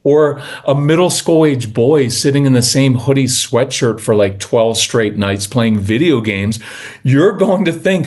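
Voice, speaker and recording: A middle-aged man in a conversational interview as a parenting guest, telling earnest stories and slowing down to stress key points. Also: mid-range voice, expressive, darkish tone. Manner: earnest, storytelling, slows down for emphasis.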